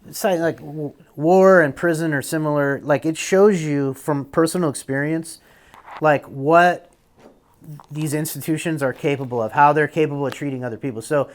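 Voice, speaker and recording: A man's voice: on the high side, normal speed. A man co-hosting a casual conversation who chimes in with questions and thoughtful comments. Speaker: co-host.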